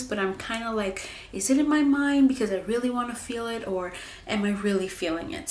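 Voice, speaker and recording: In a casual pregnancy vlog, a young woman in her twenties speaks candidly in a mid-range voice, filling her talk with likes and ums. There's slight background noise, and the room is echoey with faint ambience.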